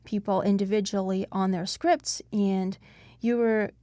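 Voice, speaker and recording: A woman's voice: mid-range voice, fairly even intonation, unhurried, dark tone, dry recording. A woman hosting an interview, sharing her own experience in an enthusiastic, chatty way. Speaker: host. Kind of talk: interview conversation.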